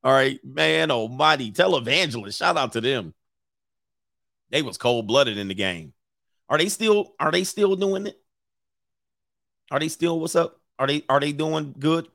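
Gravelly, joking man hosting. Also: fairly high pitch, expressive, a little slow, pauses often, fairly bright tone, no echo, clean studio sound. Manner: profane, joking, laughs often. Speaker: host. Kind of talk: casual commentary.

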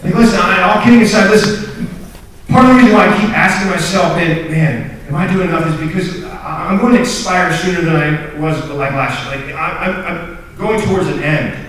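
A man's voice: high voice, brisk. A young man telling a story in a sermon to students, earnest and self-deprecating, repeating words as he gets going. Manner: earnest, self-deprecating, laughs at his own stories; repeats and restarts words when excited. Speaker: speaker at a student group meeting. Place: large room full of students. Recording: very echoey room, heard from a distance.

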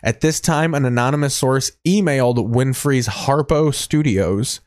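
A man's voice: mid-range voice, measured pace, darkish tone, no echo. Crude, riffing man, dry close mic. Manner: loose, crude, riffing commentary. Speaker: podcast co-host. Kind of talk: casual profane banter.

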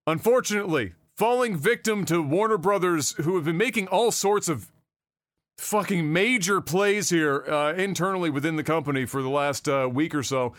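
Swearing, animated podcast man. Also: fairly high pitch, moderate pace, dry recording. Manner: animated, swears a lot, rambling restarts. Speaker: podcast co-host. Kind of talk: casual chat.

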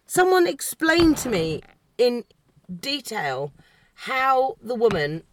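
A woman's voice: on the high side, sing-song, slow pace, a little hiss or hum. A woman hosting a podcast, delivering a heated, sweary, sarcastic political rant. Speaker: podcast host.

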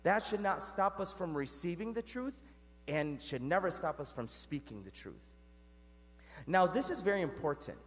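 Priest with a high, lively voice in a church. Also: male voice, normal speed. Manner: earnest, conversational preaching with rhetorical questions; addresses the congregation as "guys". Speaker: Catholic priest. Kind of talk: sermon. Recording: long reverb of a church.

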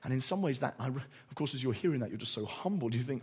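A man's voice: mid-range voice, lively intonation, fast, husky. A man preaching a sermon, telling stories earnestly and quoting others as he goes. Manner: earnest, storytelling, quotes others in softer voice.

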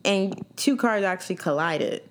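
A woman co-hosting a casual podcast, full of fillers and easy laughter. Her pitch moves in a lively way as she chats. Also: moderate pace. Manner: animated, laughing, lots of fillers. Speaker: podcast co-host.

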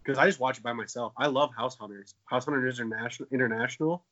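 Podcast co-host, man, late 20s, bright and jokey, lo-fi sound. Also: medium pitch, fast. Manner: jokey, profane, playful. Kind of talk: casual comedic chat.

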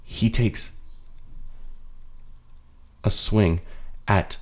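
A man's voice: fairly low pitch, extremely slow. A man hosting a podcast, teaching a Bible study in an earnest, explanatory way and repeating his points for emphasis. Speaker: host.

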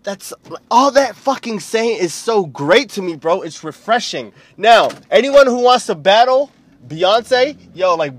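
A man in his twenties from the United States, delivering a rambling, profane comedic rant. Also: fairly high pitch.

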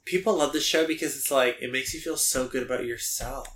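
A woman co-hosting a casual chat, chiming in with quick reactions. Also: extremely low pitch. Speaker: podcast co-host. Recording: roomy echo with faint noise.

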